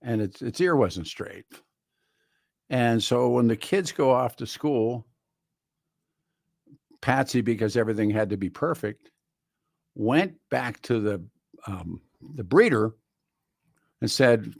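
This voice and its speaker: Man, talk radio host, rambling and wry, dry studio sound, mid-range pitch. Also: lively intonation, takes it slowly, gravelly, pauses often, dry recording. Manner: rambling and wry, with frequent restarts. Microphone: studio microphone.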